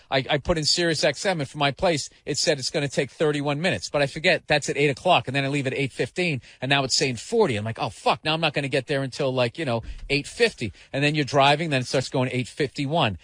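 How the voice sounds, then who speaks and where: Profane storytelling man, bright dry voice. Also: fairly high pitch, fast, hardly any pauses, no room sound. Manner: profane storyteller, animated bursts of shouting impressions. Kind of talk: casual radio talk show chat.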